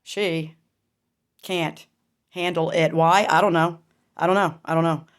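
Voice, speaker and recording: A woman's voice: lowish voice, steady tone, unhurried. A middle-aged woman speaks straight to camera in a personal vlog. Her delivery is raw and intense, peppered with swearing and pointed rhetorical questions. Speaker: vlogger. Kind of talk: emotional personal storytelling.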